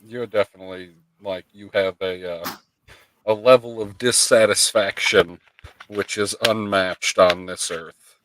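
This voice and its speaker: A man's voice: lowish voice, fairly even intonation, measured pace, a bit bright, slight background noise, rough recording. A man hosting a casual live stream, teasing his co-host, swearing and reading chat messages aloud. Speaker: livestream host.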